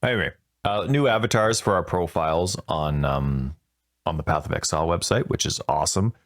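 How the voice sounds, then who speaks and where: A man co-hosting a gaming podcast in casual chat, rambling and animated, quick to laugh, talking close to a desk mic. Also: low-pitched. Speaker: podcast co-host.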